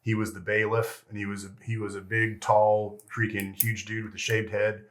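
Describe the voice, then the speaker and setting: A middle-aged man with a very deep, low voice is a guest on an interview podcast, a retired military veteran telling old service stories. He rambles loosely and casually, dropping lots of "you know" and "freaking" plus the occasional curse. His delivery is flat and moderately paced.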